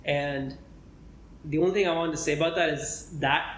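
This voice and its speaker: A young man, a medical student co-hosting a podcast, chatting casually and rambling with lots of fillers and throat clearing. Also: fairly high pitch, steady tone, normal speed, a bit bright. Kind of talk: casual chat. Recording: echoey room with faint noise.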